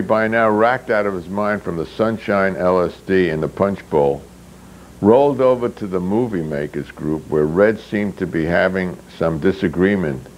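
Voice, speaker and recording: A man reading his own satirical novel aloud in a low, deadpan, unhurried manner. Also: a little hiss or hum, poor audio.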